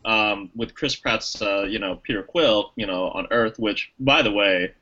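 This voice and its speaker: A man co-hosting a podcast chats casually about a movie, rambling with plenty of restarts and fillers and acting out the lines he quotes. His voice is lowish, a little slow, pushed and bright. The highs are cut off in the recording.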